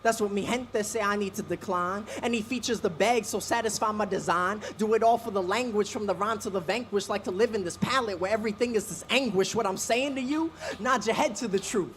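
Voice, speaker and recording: A man's voice: sits high, brisk, hardly any pauses, a bit bright, slight background noise. A man performing spoken word poetry with a rhyming, rap-like flow that slips into singing at times. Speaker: slam poet.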